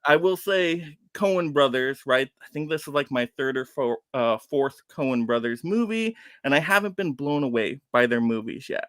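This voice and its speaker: A man reviewing films in a casual online round-table chat, animated and exasperated when he picks apart a plot. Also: medium pitch, normal speed, few pauses, no echo, clean studio sound. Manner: animated, exasperated ranting about plots.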